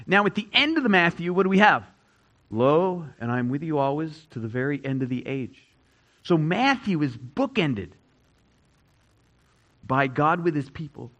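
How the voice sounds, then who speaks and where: A man delivers a sermon in a fairly high voice. He stresses his main points by repeating them, rising loud and then falling to a hush. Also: sing-song, normal speed, long pauses, muffled recording. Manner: emphatic, repeats key phrases, swings between loud and hushed. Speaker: pastor.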